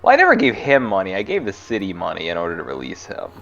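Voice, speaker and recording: Low-voiced guy at a game table, unsure, restarts a lot, muffled mic. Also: wildly swooping pitch, quick pace, vocal fry, fairly bright tone, soft background music. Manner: earnest, hesitant. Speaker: player. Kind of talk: casual tabletop chat.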